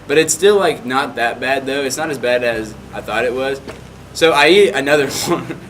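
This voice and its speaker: A man's voice: medium pitch, normal speed, a bit bright, slight background noise. A young man casually telling a rambling story, full of "like" fillers.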